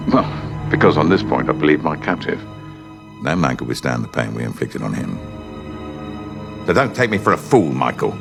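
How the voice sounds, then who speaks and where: A slow threatening gangster, rough deep voice, swooping pitch, music under it. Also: male voice, very animated, full character voice. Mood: menacing. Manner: slow, threatening, coldly polite. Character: menacing male London gangster, cold and controlled. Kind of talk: film drama. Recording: film soundtrack with music behind.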